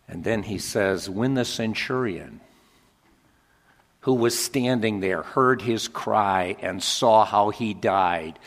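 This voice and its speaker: A man preaching a dramatic sermon, swinging from hushed whispers to shouted climaxes. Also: fairly low pitch, creaky. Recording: long reverb of a large hall.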